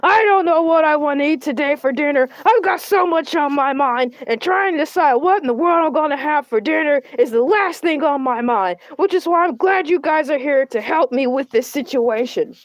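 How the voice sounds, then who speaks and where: A boastful, needy shark talk-show host, put on by a woman, who whines and rambles about his own troubles. The voice sits high and is caught close on a dry mic. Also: lively intonation, normal speed, hardly any pauses, no echo. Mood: indignant. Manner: whiny, self-centered, rambling. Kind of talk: comedic character livestream.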